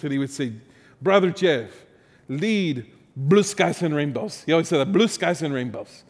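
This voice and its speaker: Middle-aged preacher, fairly high voice, storytelling sermon, long church reverb. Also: male voice. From Texas, USA. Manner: storytelling, animated, with rising emphasis and restarts. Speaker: pastor.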